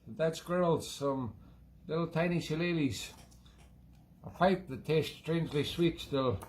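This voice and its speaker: A man's voice: fairly high pitch, measured pace, darkish tone, a little hiss or hum, close to an everyday voice. A Scottish man voicing a boozy, cheeky male leprechaun who hosts a music show, in an exaggerated put-on Irish lilt, rambling into nonsense. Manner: rambling, jokey, drifting into nonsense. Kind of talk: comic character monologue.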